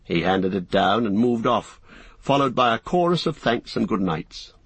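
Low husky male audiobook narrator. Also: no room sound. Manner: measured, even storytelling.

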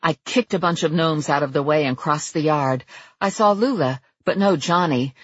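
A woman narrating a first-person audiobook in a lively, expressive way. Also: deep voice, moderate pace, husky, no room sound, lo-fi sound.

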